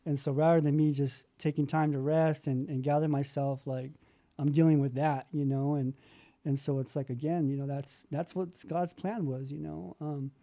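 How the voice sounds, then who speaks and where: A middle-aged man speaks in a heartfelt, rambling way, full of fillers and restarts. His voice is mellow and sits a little high for a man. He is on a video call. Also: fairly even intonation, normal speed. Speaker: meeting participant sharing.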